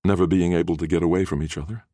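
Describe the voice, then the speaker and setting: A man reading an audiobook, voicing a proud, catty young woman with a sharp tongue. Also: low voice, fairly even intonation, racing, no echo, studio quality, lightly acted. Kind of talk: audiobook character voice.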